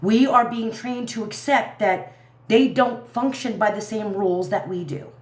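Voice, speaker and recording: A woman's voice: fairly high pitch, a little slow, reverberant. A woman hosting a livestream who rants angrily with heavy swearing and keeps trailing off and restarting. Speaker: livestream host. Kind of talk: angry live commentary.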